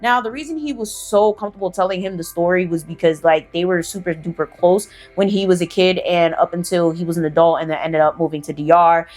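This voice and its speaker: A woman's voice: fairly low pitch, fairly quick, few pauses, darkish tone, faint music behind. A woman hosting a casual spooky storytime, chatty and profane, full of fillers and asides. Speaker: storyteller, channel host.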